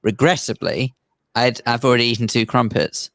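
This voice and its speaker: A man's voice: mid-range voice, normal speed, vocal fry, fairly bright tone, dry recording. A man with a South African accent co-hosting a radio show, bantering with dry wit. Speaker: radio co-host. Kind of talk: casual radio chat. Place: radio studio.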